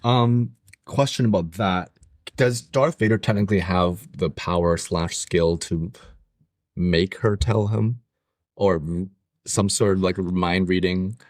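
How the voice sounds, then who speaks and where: A man with a very low voice co-hosts a casual podcast, rambling along with plenty of ums and jokes. His voice sounds dry and close to the mic, with no room around it. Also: takes it slowly, no echo. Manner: rambling, filler-heavy, joking. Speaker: podcast co-host. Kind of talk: casual chat. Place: room with the other hosts and guest.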